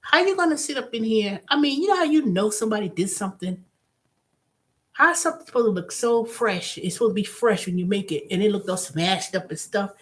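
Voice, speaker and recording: A woman hosting her own channel, telling a story in a casual, animated monologue with blunt, profane language. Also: medium pitch, brisk. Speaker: host.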